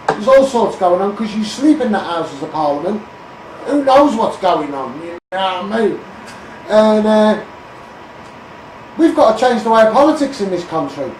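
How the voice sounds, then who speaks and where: Blunt ranting Scouse man in an echoey room. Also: high-pitched. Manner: blunt, rambling, repeats himself, calls listeners mate. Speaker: campaigning live-streamer. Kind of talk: ranting live stream to followers. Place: home room. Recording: echoey, a bit far from the phone, faint room noise.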